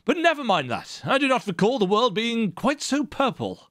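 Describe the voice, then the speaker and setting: A man voicing a pompous, fussy male gentleman inspector. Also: very high-pitched, very animated, normal speed, dry recording, studio quality, heavily acted.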